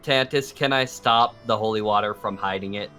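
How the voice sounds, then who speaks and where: A man playing a tabletop game, describing what his dwarf does in a halting, amused way. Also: lowish voice, bright, forceful tone. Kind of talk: describing his character's actions. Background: background music.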